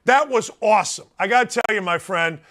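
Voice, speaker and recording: Loud excitable male sports host. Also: sits high, a little fast. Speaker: show host. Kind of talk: animated sports talk.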